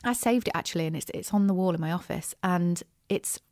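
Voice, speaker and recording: A woman hosting a business podcast, chatty and animated, with frequent asides and restarts. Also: on the low side, brisk, no echo, clean studio sound. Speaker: podcast host, business coach. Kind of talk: casual solo podcast talk.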